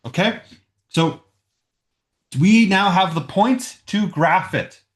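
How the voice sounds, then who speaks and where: A man with a somewhat high voice walks through a math problem in a recorded lesson. He talks each step out loud and often checks in with "right?". He is recording at home on a computer microphone. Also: slow. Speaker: math teacher.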